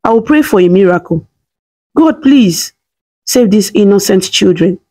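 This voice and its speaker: Lady doing a tearful old grandma, pleading, voice rising high. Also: expressive, unhurried, dark tone. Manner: weeping, pleading. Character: grieving elderly grandmother, tearful.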